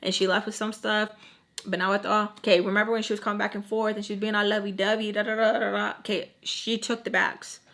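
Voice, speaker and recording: A woman's voice: medium pitch, quick pace. A woman casually telling a long personal story, acting out the quotes and dropping Spanish words, with frequent swearing and repeated phrases. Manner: animated, acts out quotes, drops Spanish words. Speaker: storytime vlogger.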